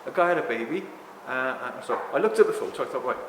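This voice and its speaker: A man in his sixties talking to a live audience in a rambling, animated way, often apologizing for ranting. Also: medium pitch, fast talker, noisy background. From England. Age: 60s. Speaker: speaker at a talk. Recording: echoey hall with long reverb.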